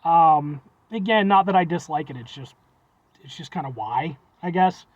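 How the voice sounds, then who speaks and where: A man's voice: fairly high pitch, expressive, normal speed, dry recording. A young man reviewing food in a rambling, folksy vlog chat, often calling viewers "folks" with playful exaggeration. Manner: playful exaggeration, self-deprecating. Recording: dull lo-fi dry recording.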